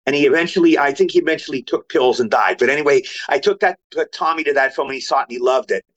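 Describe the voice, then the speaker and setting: Speaking very fast in a fairly high pitch, this older guest actor spins casual anecdotes over lo-fi remote audio. He gets animated, acting out other people's lines in a louder voice.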